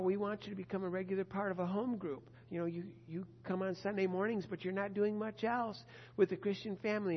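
Husky older preacher in an echoey hall. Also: mid-range voice. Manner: animated storytelling, acting out quoted voices. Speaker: pastor. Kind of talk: sermon. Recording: dull echoey hall sound.

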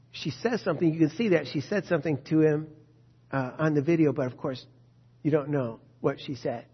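A man preaching an Easter sermon as a pastor, telling a story and then leading a quiet, earnest prayer. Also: a little high, husky, long reverb tail. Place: church sanctuary. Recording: dull lo-fi sound.

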